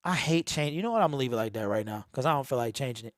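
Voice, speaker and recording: A man's voice: mid-range voice, animated, very fast, dry recording, studio quality. A man hosting a live-stream watch party, chatting casually with viewers and calling plays over the broadcast. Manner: laid-back, chatty, answers viewers' comments.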